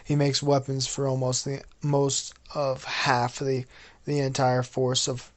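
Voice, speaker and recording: A man's voice: medium pitch, monotone, measured pace, lightly acted. A man voicing a boastful young Viking who carries a giant axe.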